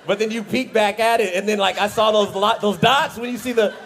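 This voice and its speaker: High-voiced man telling a comic story. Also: fairly quick, vocal fry. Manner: animated, rambling with frequent "you know" and "right?" asides. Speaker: comedian.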